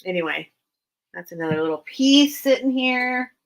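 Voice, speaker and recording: At home surrounded by her collection, a woman hosts a casual live sale stream, chatting in a rambling, enthusiastic way. Her voice sits high and is animated at a normal speed, though the recording is rough.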